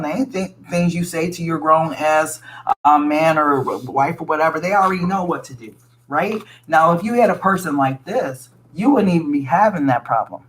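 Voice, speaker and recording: Man, tarot reader, somewhat high voice, casual, blunt and profane, calls people sweetie. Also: fairly bright tone. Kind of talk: casual tarot reading to viewers.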